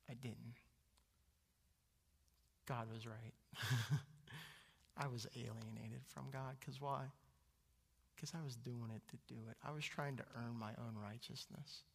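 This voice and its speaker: A young adult man preaching a sermon, jumping to loud high exclamations and dropping to hushed low asides. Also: fairly even intonation, measured pace, gravelly, long pauses, slightly rough. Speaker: pastor.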